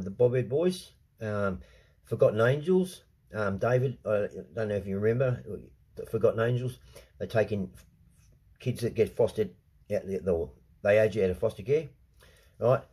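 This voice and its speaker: Man, Australian accent, vlogger, husky dark voice, heated profane rant, repetitive, keeps saying "right?". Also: lowish voice, normal speed, long pauses. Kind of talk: casual ranting monologue to camera.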